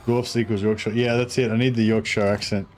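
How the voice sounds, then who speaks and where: A man's voice: on the low side, flat delivery, fairly quick, a little mellow, a little hiss or hum. A man hosting a gaming channel, giving offhand commentary as he plays, thinking aloud and swearing now and then. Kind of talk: casual gameplay commentary.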